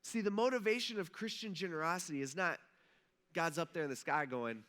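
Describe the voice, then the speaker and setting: Bright, casual-sounding male pastor. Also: a little high, brisk. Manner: casual, storytelling, acts out quotes. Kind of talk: sermon. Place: church auditorium.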